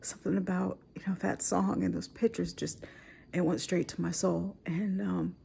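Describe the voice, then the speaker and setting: A woman in her forties speaking in a personal vlog, tearful and soft, often dropping to a whisper. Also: fairly low pitch, flat delivery, moderate pace, gravelly, a little hiss or hum. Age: 40s. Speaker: vlogger.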